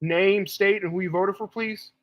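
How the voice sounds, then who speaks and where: A man's voice: high-pitched, steady tone, moderate pace, lo-fi sound, a little hiss or hum. A man hosting a live stream debate, talking bluntly and assertively to callers, casually calling them baby.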